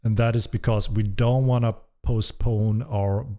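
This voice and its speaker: A man hosting a casual live-stream Q&A as a game developer, reading chat questions aloud with relaxed, hesitant speech and casual swearing. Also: on the low side, unhurried.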